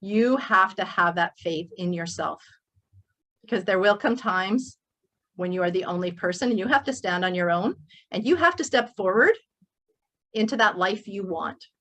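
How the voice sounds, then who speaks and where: A woman's voice: medium pitch, lively intonation, moderate pace, a bit bright. A middle-aged woman delivers a motivational speech to an online group. Her voice is impassioned and emphatic, and she pushes hard on her points like a preacher. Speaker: motivational workshop speaker. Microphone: speaking to a live online group.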